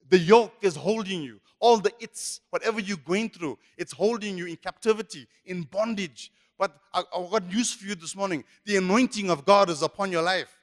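A man preaching a sermon as pastor, emphatic and repetitive. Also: high-pitched. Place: church hall. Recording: echoey church hall.

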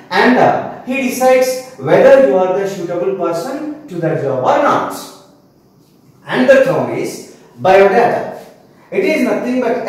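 A man, teaching an online class slowly, restating each term with "means". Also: high-pitched, darkish tone. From India. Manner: slow, explanatory, repeats terms with "means". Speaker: English teacher. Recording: very echoey room, voice from far off.

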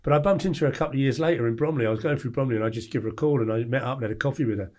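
A man in his forties from England, a podcast guest telling a story in a blunt, lively way and acting out the lines of others. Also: medium pitch, rapid-fire. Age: 40s. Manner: blunt, animated storyteller who acts out quoted lines. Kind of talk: storytelling interview.

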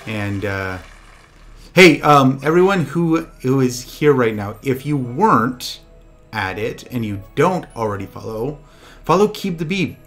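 A young man streaming a party video game with friends, chatting casually and breaking into loud, profane outbursts at the game. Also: medium pitch. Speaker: VTuber streamer.

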